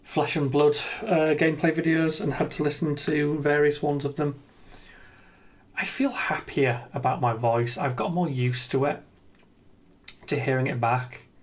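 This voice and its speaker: A gaming video creator, voice a little high and intonation fairly even, talks a little slowly through an unscripted, reflective monologue. Hesitant and earnest, he's self-deprecating and often says um or restarts his sentences.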